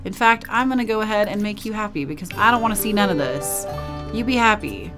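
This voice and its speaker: Casual host, woman, mid pitch, very animated delivery, chatty game commentary over faint music. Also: quick pace. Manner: chatty, emotive, cooing at characters. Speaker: gaming video host. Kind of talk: casual let's play commentary.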